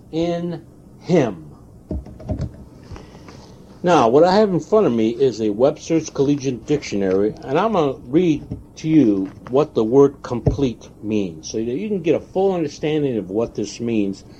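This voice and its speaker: A man preaching a sermon, stressing single words and pausing for weight. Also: fairly high pitch, dark tone, a little hiss or hum. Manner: emphatic, stressing single words with long pauses. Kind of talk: recorded sermon. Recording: dull lo-fi tape recording.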